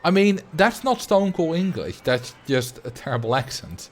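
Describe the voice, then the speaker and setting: A man's voice: a little high, big pitch swings, normal speed, faint music behind. Chatty Dutch-accented man streaming a game. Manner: chatty and rambling, thinking aloud. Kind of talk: casual livestream chat while playing.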